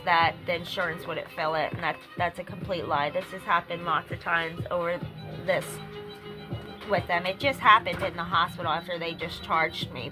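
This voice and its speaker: A woman's voice: fairly low pitch, rough recording. A woman vlogging at home, venting in an upset, rambling way with many restarts, while a TV plays in the room. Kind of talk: personal vlog, venting. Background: TV dialogue and music playing in the room.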